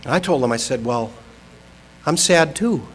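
A man preaching a sermon, reading scripture aloud and slowing to stress key words. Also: mid-range voice, animated, slightly rough, rough recording. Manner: swings between soft and emphatic, slows for stress. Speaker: pastor.

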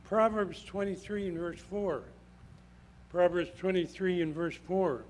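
A man's voice: sits high, a little slow, slight background noise, low-quality recording. An older man preaching a sermon with emphatic delivery, repeating key phrases for stress.

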